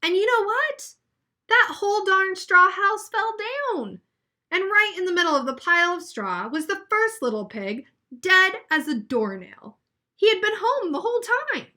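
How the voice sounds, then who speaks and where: A woman reading aloud as a sly, smooth-talking male wolf telling his side of a storybook tale. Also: extremely high pitch, sing-song, normal speed, pushed and bright, pitched above the performer's own voice, exaggerated voice. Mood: wry.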